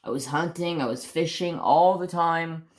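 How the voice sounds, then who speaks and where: Chatty rambling man, slightly high voice. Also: moderate pace. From United States. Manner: rambling, chatty, frequent restarts and mild swearing. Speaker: crafts channel host. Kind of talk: casual storytelling chat.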